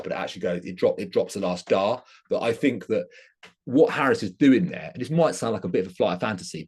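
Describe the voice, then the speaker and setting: A man's voice: low voice, a little mellow, breathy edge. A man giving an academic lecture, explaining his subject with enthusiasm.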